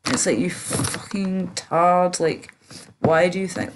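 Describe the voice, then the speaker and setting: A woman's voice: medium pitch, unhurried, a little mellow, a little hiss or hum. A woman livestreaming in casual chat, drowsy and rambling, with many fillers and trailing off. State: drowsy, slurred.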